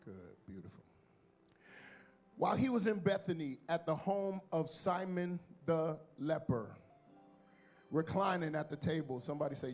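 A man preaching a sermon to his congregation. He leads call-and-response, jokes with the crowd, and reads scripture loudly and dramatically. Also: expressive, moderate pace, pauses often, soft background music. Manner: booming dramatic scripture reading. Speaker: pastor. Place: church sanctuary.

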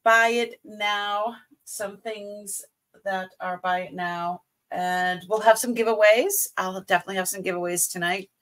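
A woman's voice: medium pitch, fairly even intonation, moderate pace. A middle-aged woman with a Boston accent hosting a live jewelry sale, chatting casually and a bit scattered, trailing off and greeting viewers by name. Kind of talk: casual live-stream chat.

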